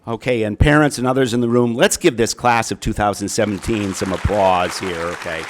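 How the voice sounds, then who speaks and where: A man's voice: lowish voice, steady tone, a little fast, some chatter behind, slight background noise. A middle-aged man with a Minnesota accent, a college counselor giving a chatty, earnest speech to an audience in an auditorium. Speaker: college counselor, keynote speaker.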